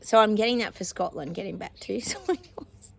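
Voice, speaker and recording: Her Australian-accented voice is medium in pitch, gravelly, a little fast, and full of big pitch swings. She's a psychic rambling casually to viewers about her predictions, laughing a lot and stretching out words.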